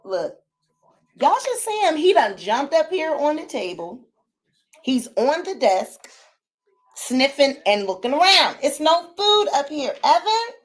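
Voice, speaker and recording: Loud, high-pitched woman vlogger. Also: unhurried. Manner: animated, sassy, talks to her dog and chat. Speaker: channel host. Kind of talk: casual chat to viewers.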